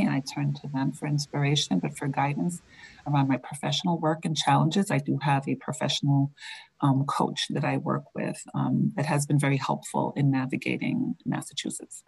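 Low-voiced woman with a New York accent. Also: fairly even intonation, moderate pace, creaky, darkish tone, husky, poor audio. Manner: conversational, frequent fillers and laughs. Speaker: school district superintendent. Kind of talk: interview answers.

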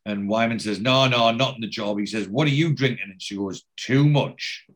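A man hosting a casual podcast, retelling a TV episode scene by scene and quoting the characters' lines, with a steady "he says" between quotes. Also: on the low side, moderate pace. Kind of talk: casual chat recapping a TV episode.

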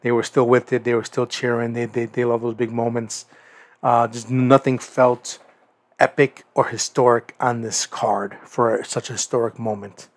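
Rambling young podcast host. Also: male voice, medium pitch, flat delivery, normal speed, dry recording. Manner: rambling, many restarts and stammered repeats. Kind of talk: casual wrestling review.

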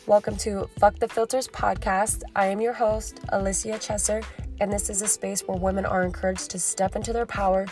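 Raspy, slightly sick young woman podcaster. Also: medium pitch, little pitch movement, a little mellow, faint music behind. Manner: fast, candid, swearing, girlfriend-talk. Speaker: podcast host. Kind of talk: casual self-help podcast monologue.

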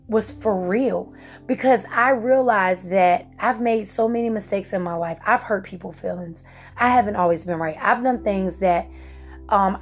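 A woman's voice: mid-range voice, breathy edge. A woman from Virginia giving a personal testimony, emphatic and emotional, acting out her past words. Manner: emotional, emphatic storytelling with voiced quotes.

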